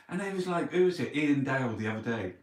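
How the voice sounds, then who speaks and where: A man's voice: mid-range voice, a little hiss or hum. A man hosting a casual newspaper review, blunt, mocking and full of swearing. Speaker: online show host. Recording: roomy, from a distance.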